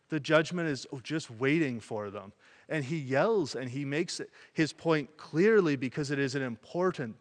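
A man preaching a sermon in an animated way, acting out voices as he tells a story. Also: a little high, long reverb tail. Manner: animated, acts out quoted voices.

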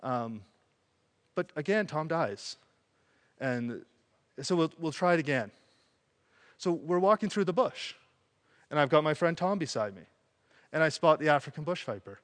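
A man preaching a sermon in an animated way, acting out voices as he tells a story. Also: a little high, unhurried, pauses often, in a large hall. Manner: animated, acts out quoted voices.

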